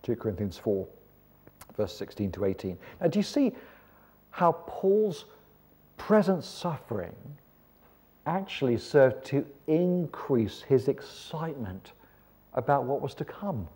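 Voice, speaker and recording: Mellow-voiced man teaching. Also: mid-range voice, very animated, measured pace, pauses often, husky. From England. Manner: conversational, rhetorical questions, wry asides. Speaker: seminar speaker. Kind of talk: sermon-style teaching talk.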